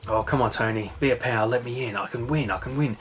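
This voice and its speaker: A man's voice: medium pitch, quick pace, a little hiss or hum, close to an everyday voice. A man doing a pleading gambler in debt. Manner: pleading, raised voice.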